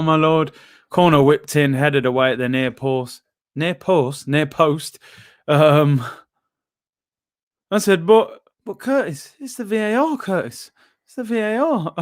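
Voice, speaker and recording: A man's voice: mid-range voice, clear, resonant tone, no room sound, clean studio sound. A man hosting a live football watchalong, chatting casually in slang and reading out chat messages.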